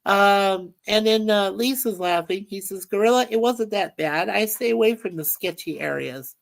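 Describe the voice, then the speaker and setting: A woman's voice: mid-range voice, moderate pace, gravelly. A woman hosting a casual livestream chat, rambling and reading viewer comments aloud. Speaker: livestream host.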